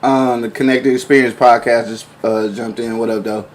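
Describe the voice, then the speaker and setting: A slangy, excitable man hosting a live podcast show, quick to burst out laughing. His voice sits at an ordinary pitch. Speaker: host.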